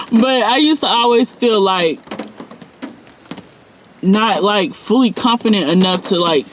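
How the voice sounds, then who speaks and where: A man with a notably high voice speaks straight to his viewers as their spiritual mentor. His talk is loose and rambling, full of "like" and "um" and everyday slang, and it stays sincere and heartfelt throughout. A faint hiss of noise sits under the voice. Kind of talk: casual direct-to-camera vlog talk.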